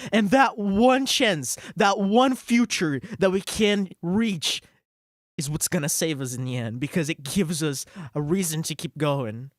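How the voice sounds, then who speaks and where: An excitable game streamer giving live-stream commentary, thinking aloud, swearing and laughing between words. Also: mid-range voice, dry recording, studio quality.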